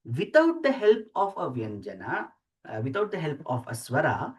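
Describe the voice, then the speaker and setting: A teacher slowly explaining letters and sounding each one out for the class. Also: medium pitch, huge pitch swings. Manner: slow, deliberate, repeats sounds aloud for practice. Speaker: Sanskrit teacher. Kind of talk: explaining script while writing letters.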